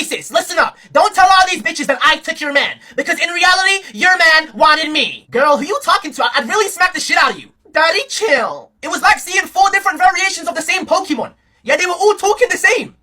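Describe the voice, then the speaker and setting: A woman delivering a brash, mocking comedic rant to the camera with loud outbursts. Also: extremely high pitch. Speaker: comedy skit creator.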